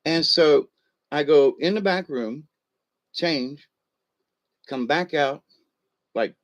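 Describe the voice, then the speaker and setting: A man's voice: fairly high pitch, animated, slow, muffled recording. A man, chuckling as he tells a rambling personal story full of ums and uhs. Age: 60s. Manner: rambling, chuckling, with many fillers.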